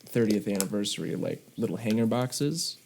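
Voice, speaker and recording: Male podcast co-host, low-ish voice, casual anecdotal delivery. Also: expressive, moderate pace, gravelly, darkish tone, a little hiss or hum. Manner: chatty anecdotal storytelling. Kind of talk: casual chat. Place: recording remotely on his own end.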